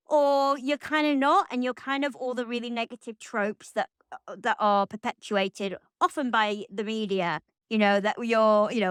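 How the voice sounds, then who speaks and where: A woman's voice: on the high side, a bit bright, clean tone, no echo, studio quality. Chatty woman host. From Lancashire, England. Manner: chatty and jokey, with playful asides. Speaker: podcast host. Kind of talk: relaxed podcast chat.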